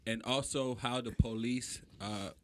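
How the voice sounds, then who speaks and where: A man's voice: medium pitch, steady tone, a little slow, a bit bright. A young man from Charleston, South Carolina, a podcast guest in casual chat, thoughtful with hesitant restarts. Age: young adult.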